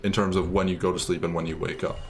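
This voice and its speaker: Man, very deep voice, laid-back, casual game chat, long explanations, faint hiss. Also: level tone, fast talker, creaky. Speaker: co-commentator. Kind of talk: casual let's-play chat.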